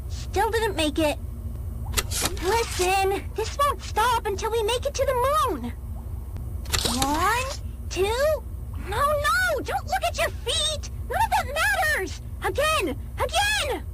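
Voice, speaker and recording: A woman's voice: extremely high pitch, very animated, slow pace, exaggerated voice. A woman voicing a cartoon rabbit creature who is pushy and insistent. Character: relentless bouncy rabbit creature. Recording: loud background noise.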